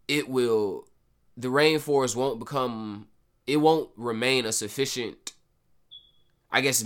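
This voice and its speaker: A man with a mid-range, slightly bright voice hosts a podcast about history. His educational talk is loose and casual, full of sarcastic asides and frequent self-corrections.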